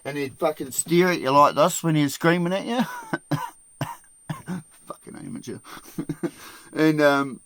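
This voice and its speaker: Swearing man telling a story, bright and dry. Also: fairly high pitch, normal speed, pauses often, dry recording. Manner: profane, laughs often, acts out other people's shouting. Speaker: podcast host telling a work story. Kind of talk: casual storytelling.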